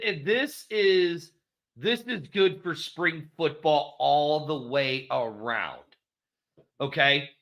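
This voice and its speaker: A man co-hosts a casual sports talk podcast, his slightly high voice bright and forceful through a studio microphone. He's emphatic and keeps repeating his points to drive them home.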